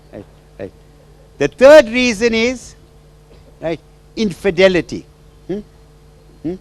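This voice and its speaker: Slow, high-voiced male marriage counsellor. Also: no echo. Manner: checks in with the audience through repeated "right?" and "hmm?", with sing-song asides. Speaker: marriage counsellor giving a talk. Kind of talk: storytelling lecture.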